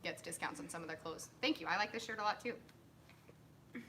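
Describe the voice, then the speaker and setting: A woman's voice: on the low side, a little fast, a bit bright, slight background noise. A woman, an actress hosting a live stream, chatting casually and upbeat with many fillers. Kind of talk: casual chat.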